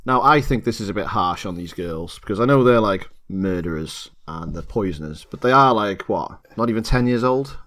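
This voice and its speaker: A man, co-hosting a casual podcast, animated and swearing as he laughs through a story. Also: fairly low pitch, normal speed, few pauses. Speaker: podcast co-host. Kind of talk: casual podcast chat recapping a TV episode.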